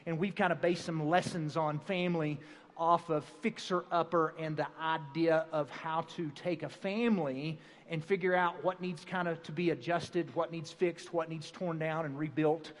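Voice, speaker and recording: A middle-aged man leads a folksy church family class, chatty and full of restarts. His voice sits high. It rings through a big hall with long reverb. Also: fairly even intonation, normal speed. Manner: chatty, rambling with many fillers and restarts. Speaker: family seminar speaker. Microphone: handheld or stand microphone.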